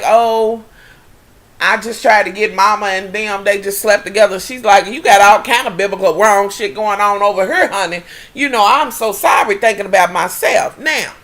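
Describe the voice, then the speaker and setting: A woman vlogger recapping a TV episode in a casual chat, animated and profane, with dramatic exclamations. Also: fairly high pitch.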